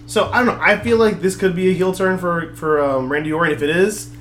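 A young man talks casually on a podcast, animated and laughing often. His voice sits a bit high. A faint hum runs underneath. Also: fairly quick, roomy sound. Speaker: podcast co-host. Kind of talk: casual wrestling chat.

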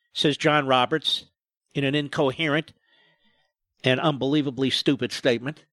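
A man's voice: mid-range voice, steady tone, moderate pace, long pauses, a bit bright, dry recording, studio quality. A man hosting a talk radio show, delivering emphatic, sarcastic, indignant political commentary.

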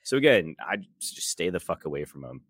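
A man co-hosting a casual podcast, talking in a sardonic, gruff way and cursing freely. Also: sits low, very animated, a little fast, no room sound, studio quality. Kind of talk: casual banter.

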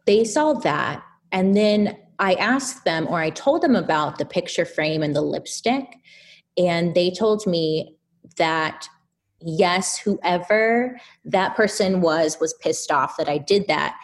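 A woman guest on a podcast, telling a story in a casual, animated way with lots of fillers. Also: lowish voice, takes it slowly. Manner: animated, chatty, filler-heavy.

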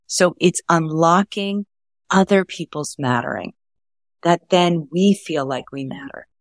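A woman's voice: lowish voice, a little slow, no room sound, clean studio sound. Earnest woman guest telling stories. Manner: earnest, acts out quoted dialogue. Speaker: author guest. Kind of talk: conversational storytelling.

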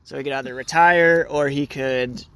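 A podcast host talking sports in a relaxed, rambling way into a studio microphone, with a mid-range voice. A faint hiss sits under the sound. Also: mid-range voice, moderate pace. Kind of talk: casual chat.

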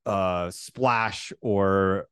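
A man's voice: deep voice, steady tone, very slow, a bit bright, clear, resonant tone, dry recording, studio quality. A man who is a guest on a casual podcast, talking bluntly and with strong opinions, swearing along the way. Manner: blunt, opinionated, swears, brash online jokester.

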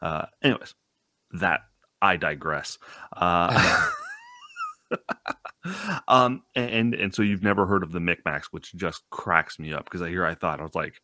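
A man's voice: sits low, measured pace, long pauses, pushed and bright. A man in his thirties hosting a casual conversation, chatty and self-deprecating, laughing easily.

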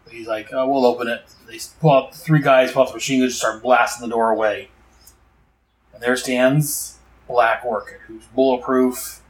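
A man recapping and reviewing a comic book in a casual, rambling way. His voice sits in an ordinary middle pitch. He fills pauses with fillers and eager asides about the scenes he likes. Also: steady tone, roomy sound, rough recording.

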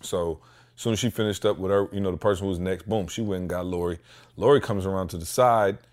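A man tells a rambling story on his podcast, recorded in his home basement, in a lowish voice and laid-back slang. He acts out the other people's lines as he goes. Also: quick pace. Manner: animated, slangy storyteller who acts out dialogue. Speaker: podcast host. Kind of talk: casual storytelling.

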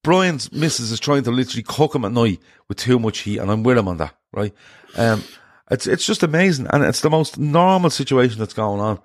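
A man co-hosting a podcast, recounting a group chat in animated, swearing casual talk. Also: mid-range voice, brisk. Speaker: podcast co-host.

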